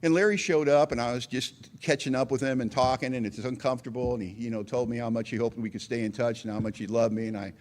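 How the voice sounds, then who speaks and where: Middle-aged man, average pitch, recovery-meeting share, conversational storyteller who acts out dialogue. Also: steady tone, quick pace, few pauses, darkish tone.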